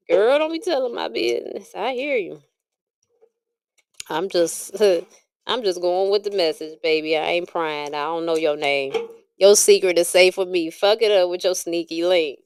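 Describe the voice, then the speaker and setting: A woman tarot reader and medium on a livestream, talking bluntly and profanely in an animated rant, laughing often. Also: on the low side, moderate pace, clear, resonant tone, dry recording, clean studio sound. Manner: frequent laughter.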